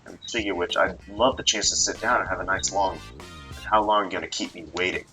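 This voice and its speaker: A man doing a gruff, threatening dad. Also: low-pitched, fast, faint music behind. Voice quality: firm, flat, threatening. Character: gruff protective middle-aged father on phone.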